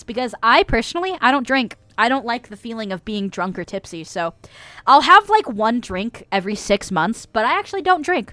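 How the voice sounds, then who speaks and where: Giggly and quick to laugh between lines, this West Coast woman reads viewer comments on her casual livestream. Her pitch is on the high side with a fairly bright tone, and there's no echo.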